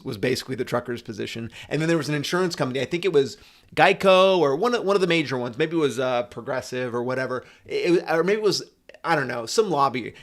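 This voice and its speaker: A motorcycle streamer chats casually on a live stream in a mid-range voice with lively intonation and a quick pace. He rambles, swears, and restarts his sentences often.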